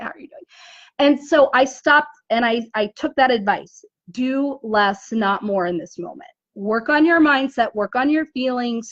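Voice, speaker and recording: A woman's voice: fairly high pitch, dry recording, muffled recording. A woman business coach giving a motivational talk on a live stream indoors, asking rhetorical questions and tagging lines with "right?". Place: indoors, dim room.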